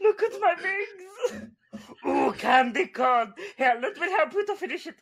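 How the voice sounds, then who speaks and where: A shrill, giddy woman with an exaggerated German accent, put on by a man, stretching her words out in a high, theatrical sing-song. She swoops wildly up and down and sounds fluttery and over the top, like a comedy sketch character. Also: animated, measured pace, fairly bright tone, heavily acted.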